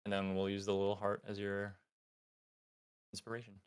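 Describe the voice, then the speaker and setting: Low-voiced rambling game master. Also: male voice, little pitch movement, moderate pace, smooth. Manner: rambling, filler-heavy. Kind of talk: narrating a tabletop game.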